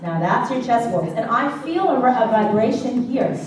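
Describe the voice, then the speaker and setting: A woman's voice: on the high side, expressive, moderate pace. A woman vocal coach teaching a worship singing class, chatty and playful, singing short examples of each point. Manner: demonstrates by singing vocal exercises. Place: classroom or church hall. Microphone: handheld mic. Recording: echoey room from far off, faint background noise.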